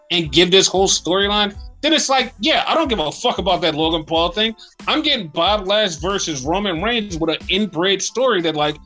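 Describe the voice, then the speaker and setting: A man's voice: high-pitched, expressive, moderate pace, bright, forceful tone, soft background music. A man co-hosting a podcast, chatting casually and animatedly about wrestling, swearing often and acting out rants. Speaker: podcast co-host.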